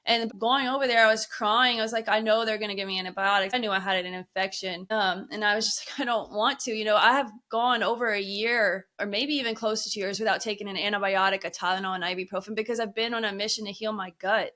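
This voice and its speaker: A woman's voice: medium pitch, fairly even intonation, quick pace, hardly any pauses, bright, forceful tone. A woman co-hosting a podcast, chatting casually and telling a personal story with frequent laughs. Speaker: podcast co-host. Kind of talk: casual chat.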